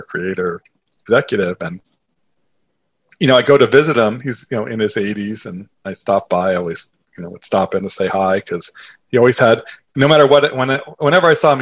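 A man with a somewhat low, husky voice, speaking as an interview guest. He tells a story animatedly and conversationally, filling his sentences with little asides and restarting his thoughts as he goes. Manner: animated, many filler phrases and restarts. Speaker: interview guest, author and investor.

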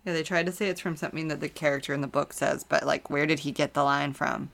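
Casting note: woman with a deep voice, co-host, playful and reactive. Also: level tone, creaky, fairly bright tone. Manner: playful reactive listener, quick quips. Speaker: podcast co-host. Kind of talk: casual true-crime podcast chat.

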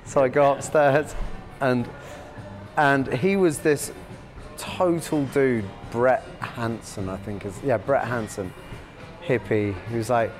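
A man in his fifties spins long, rambling stories as a podcast guest, stopping and restarting mid-sentence before gathering pace again. His voice sits at a middling pitch, and clear music plays behind him. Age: 50s. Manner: rambling and halting, many restarts, animated. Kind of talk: anecdotal storytelling.

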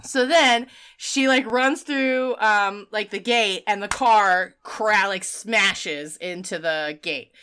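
A woman casually recapping a film, animated, laughing often and acting out the characters. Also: medium pitch, slow, hardly any pauses, smooth. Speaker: podcast co-host recapping a film. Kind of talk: casual chat.

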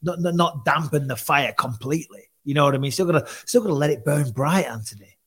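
A man's voice: a little high, quick pace, fairly bright tone, slightly rough. A man hosting a casual sports talk show, chatty and teasing, often repeating himself. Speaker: host and commentator.

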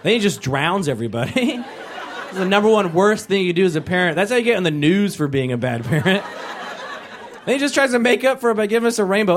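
A young man performing a stand-up comedy set on a club stage, acting out characters with sudden shouted voices. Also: sits high, sing-song, fast talker, slight background noise.

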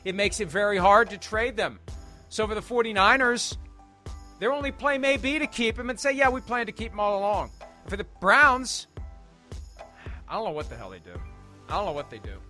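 A man's voice: sits high, big pitch swings, moderate pace, pauses often, bright, forceful tone, soft background music. A man hosting a sports talk show, arguing emphatically and firing off rhetorical questions.

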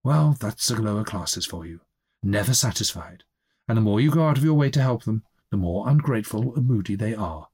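A man's voice: fairly low pitch, lively intonation, fairly quick, darkish tone, slightly rough. A man voicing a condescending middle-class Frenchwoman. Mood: reproachful. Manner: reproachful, condescending tone.

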